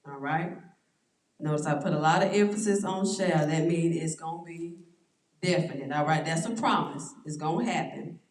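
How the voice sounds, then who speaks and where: A woman leading a church Bible study, reading verses slowly and stressing words, with frequent "all right" checks to the class. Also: deep voice. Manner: slow, drawn-out scripture reading with stressed words. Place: church room. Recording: roomy echo, distant mic.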